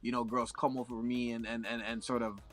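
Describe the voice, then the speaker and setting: A man's voice: medium pitch, little pitch movement, a little fast, a bit bright, faint music behind. A young Canadian man telling a long story in a casual chat, profane and full of slang.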